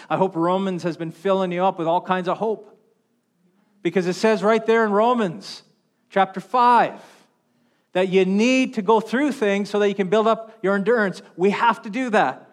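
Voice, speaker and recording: A man preaching a sermon as pastor on a wireless mic, impassioned, swinging between loud calls and hushed stretches. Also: sits high, fairly even intonation, moderate pace. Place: church sanctuary. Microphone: wireless handheld mic.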